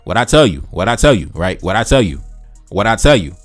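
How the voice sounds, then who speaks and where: A man's voice: on the low side, sing-song, fairly quick, soft background music. A man hosting reaction commentary in a preachy, repetitive way, often calling the listener brother. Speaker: commentary channel host.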